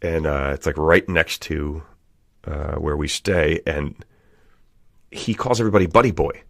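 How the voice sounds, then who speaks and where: A man's voice: very deep voice, measured pace, gravelly, fairly bright tone. A man hosting a podcast, telling stories in a laid-back casual chat and laughing at his own jokes. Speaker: podcast host.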